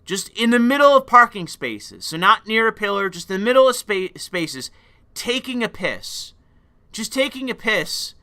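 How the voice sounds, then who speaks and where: A young man casually telling a rambling, profane story on a stream, loud by his own account. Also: high voice.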